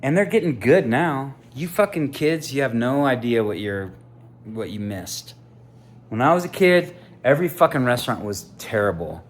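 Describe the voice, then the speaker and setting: A man in his fifties, a contractor, swearing constantly in a personal rant to camera, swinging from loud outbursts to quiet musing. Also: medium pitch, sing-song, normal speed. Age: 50s. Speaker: contractor and aspiring sandwich maker.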